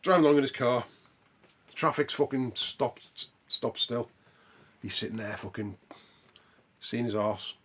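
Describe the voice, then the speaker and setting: A man's voice: mid-range voice, unhurried, long pauses, breathy edge. A man co-hosting a podcast, swearing often as he retells film scenes with gusto. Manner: sweary, animated retelling with loud put-on voices. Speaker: podcast co-host. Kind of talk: casual chat.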